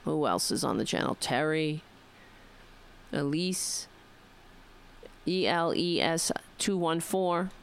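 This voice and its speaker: Smooth-voiced New York woman radio host. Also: deep voice, expressive, slow pace, pauses often. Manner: rambling, wry, talks to listeners directly. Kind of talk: casual political talk radio monologue.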